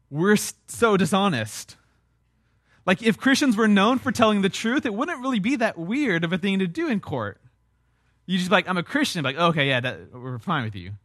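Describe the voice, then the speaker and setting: A man's voice: high voice, a bit bright, no echo, studio quality. A man preaching a sermon as a pastor, earnest and emphatic, with repeated phrases and rhetorical questions.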